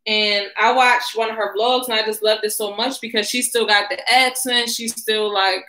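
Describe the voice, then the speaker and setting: Chatty woman, bright voice. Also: fairly high pitch, fairly even intonation, normal speed, low-quality recording. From Baltimore. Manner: chatty, addresses viewers in slang. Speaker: livestream host. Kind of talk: casual live-stream chat.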